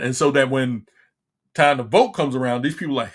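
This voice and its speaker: A man's voice: a little high, normal speed, a bit bright. Frustrated man ranting on a livestream. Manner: frustrated, repetitive, stumbling restarts. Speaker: livestream talk show host. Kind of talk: casual ranting commentary.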